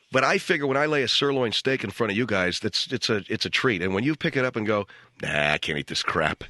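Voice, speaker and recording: A middle-aged man hosting a radio comedy show, delivering a deadpan ranting monologue that jumps into shouted quoted voices. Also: medium pitch, no room sound, studio quality. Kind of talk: comic monologue. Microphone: studio radio mic.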